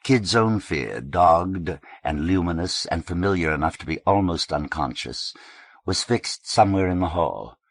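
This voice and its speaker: A man narrating a literary novel in a measured, understated way. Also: deep voice, animated, no room sound. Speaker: audiobook narrator.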